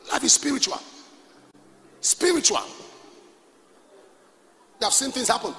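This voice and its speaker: A man with a Nigerian accent preaching a sermon, shifting from quiet asides to shouted calls and leading the congregation in prayer. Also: sits high, very animated, moderate pace, long pauses. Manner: emphatic preaching, alternating soft asides with shouts; leads call-and-response prayer and prays in tongues. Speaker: pastor. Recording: reverberant hall with faint noise.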